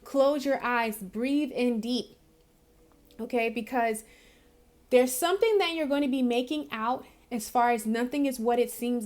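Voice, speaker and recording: A woman's voice: fairly high pitch, a little mellow. A woman giving a casual monthly astrology reading, chatty and giggly with lots of fillers. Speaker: spiritual reader.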